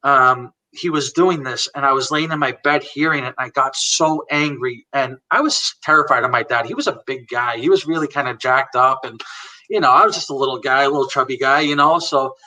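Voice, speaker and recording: Bright-voiced man telling his story. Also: medium pitch, fairly quick. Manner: candid, retells conversations word for word, laughs now and then. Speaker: guest. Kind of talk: personal storytelling in a live chat. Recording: voice a bit far from the mic.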